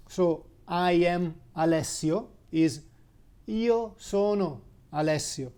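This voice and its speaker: A man with an Italian accent, a native Italian speaker giving an informal language lesson, halting with many fillers and spelling words out letter by letter. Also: sits high, dark tone, clean tone. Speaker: Italian teacher.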